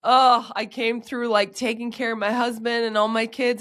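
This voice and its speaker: A woman in her thirties hosting a podcast, hoarse and raspy from a cold, talking in an animated, chatty way. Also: on the high side, moderate pace. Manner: animated, laughs easily, acts out quotes. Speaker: podcast host. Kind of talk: casual podcast chat.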